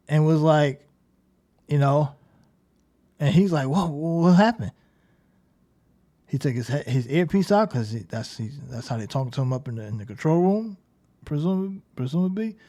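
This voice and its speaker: A man's voice: fairly high pitch, mellow. Chatty critical male commentator. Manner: conversational, full of "like" and "right?", keeps pointing things out; critical, incredulous. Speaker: commentator reacting to game footage. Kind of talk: casual video commentary.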